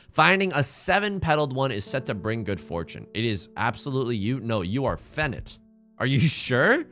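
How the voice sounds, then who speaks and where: A man's voice: mid-range voice, a bit bright. A man streaming a game, joking around and reading the game's text aloud in silly voices. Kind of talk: casual game commentary.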